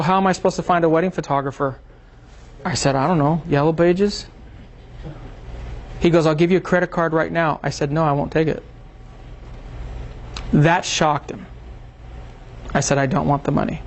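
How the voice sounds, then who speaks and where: Seminar presenter, male, slightly high voice, chatty and animated, acts out the people he quotes. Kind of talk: seminar talk to a small group.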